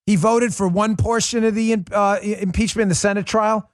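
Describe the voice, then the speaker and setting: A man's voice: sits high, steady tone, normal speed, no echo, studio quality. A man hosting a political talk show, delivering a heated, scornful monologue. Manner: combative, ranting, scornful.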